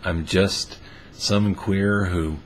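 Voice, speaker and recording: A man casually telling a funny personal story, relaxed and amused, with frequent fillers. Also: sits low, drawn-out words, slight background noise. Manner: laid-back and amused, lots of "uh" fillers.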